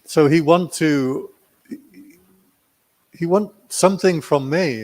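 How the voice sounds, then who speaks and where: A man's voice: fairly high pitch, takes it slowly, a little mellow. A man teaching meditation, telling a retreat story in a playful way and acting out the quotes. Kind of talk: dharma talk with a story.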